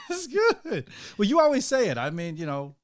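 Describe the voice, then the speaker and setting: A man in his thirties co-hosting a casual chat with his wife, animated, laughing often and acting out quotes in a raised voice, speaking. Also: sits high, normal speed. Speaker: co-host, husband.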